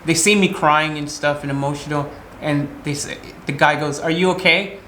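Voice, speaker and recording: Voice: medium pitch, flat delivery, moderate pace, a bit bright. A vlogger from the United States, still shaken, tells an upsetting story in a loose, rambling way full of restarts. Now and then the voice jumps into quoted lines for the other people in the story. The room has a noticeable echo, and there is a faint hiss underneath. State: emotionally shaken. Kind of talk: emotional storytelling vlog.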